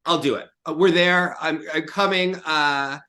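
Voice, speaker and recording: A man hosting an interview in casual chat, with a chatty, animated way of asking questions. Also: a little high, measured pace.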